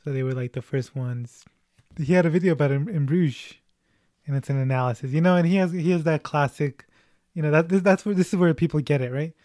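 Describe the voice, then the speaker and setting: A man co-hosts a relaxed movie chat, laughing easily and breaking off to restart his thoughts. His voice sits fairly high, and the recording is dry and close. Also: dry recording. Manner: chatty, laughing, halting restarts. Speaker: podcast co-host.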